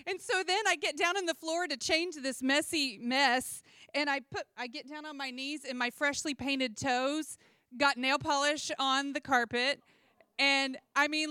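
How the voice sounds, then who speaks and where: A young adult woman preaching a sermon in a chatty, animated way, full of personal asides and humor. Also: high-pitched, normal speed, clean tone, no room sound, studio quality. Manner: conversational and animated, with asides and self-deprecating humor.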